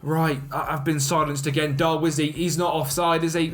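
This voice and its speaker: A man commentating on his own football management game, animated and self-mocking, shouting at the referee. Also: a little high, moderate pace, hardly any pauses. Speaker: gaming YouTuber.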